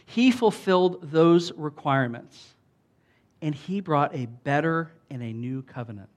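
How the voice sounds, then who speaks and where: In his sermon, a male pastor speaks at a measured pace with a voice on the high side for a man. The delivery is animated and emphatic, swinging between punchy statements and chatty remarks to the room.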